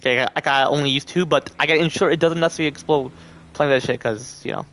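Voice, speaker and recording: Young male game streamer, a bit high-voiced, swears a lot, talks to chat. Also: racing. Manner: profane, talks to chat, reacts loudly. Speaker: live-stream gamer. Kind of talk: casual live-stream gaming commentary.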